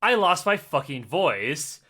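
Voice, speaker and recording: A man in his thirties telling a long story in casual podcast chat, swearing and laughing as he goes, his voice still hoarse and cracking. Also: fairly high pitch, sing-song, slow pace, pushed and bright. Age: 30s. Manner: rambling storyteller, laughs often, swears freely. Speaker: podcast co-host.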